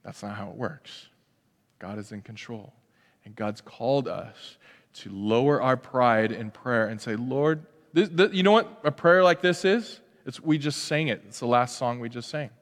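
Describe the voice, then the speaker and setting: A man in his thirties preaching a sermon in an animated way, acting out quoted prayers and cries. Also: mid-range voice, unhurried. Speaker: pastor. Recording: long reverb of a large hall.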